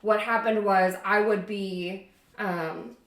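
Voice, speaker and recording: A woman chats casually with her sister in a home kitchen, her voice at an ordinary middle pitch. She rambles through her stories and laughs often. The room gives her voice a roomy, echoing sound. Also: steady tone, takes it slowly. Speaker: guest, host's sister. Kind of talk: casual chat.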